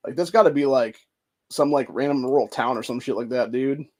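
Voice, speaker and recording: A man's voice: medium pitch, brisk, a little mellow. A man from Ohio hosting a podcast, ranting heatedly and swearing constantly while reading news and comments aloud. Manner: profane, heated, swears constantly and says dude. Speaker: podcast host.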